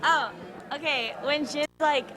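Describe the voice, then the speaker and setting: A woman's voice: high voice, measured pace, a crowd in the background. A woman animatedly telling an amused little family story in casual chat.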